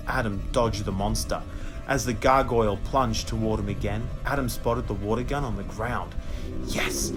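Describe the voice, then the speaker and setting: A man reading a children's horror story aloud as an audiobook, in a dramatic, expressive manner. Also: medium pitch. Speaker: audiobook reader.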